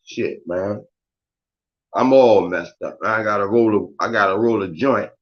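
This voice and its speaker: A man's voice: lowish voice, measured pace, dull audio. A man hosting a casual morning live stream, talking in loose slang, swearing and greeting his viewers by name.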